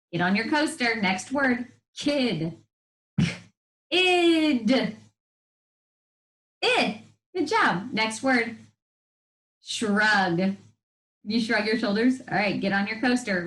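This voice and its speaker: A woman's voice: medium pitch, a bit bright. A woman teaching first-grade reading, upbeat and encouraging, drawing out sounds for young children. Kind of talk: broadcast classroom lesson to children. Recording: roomy echo.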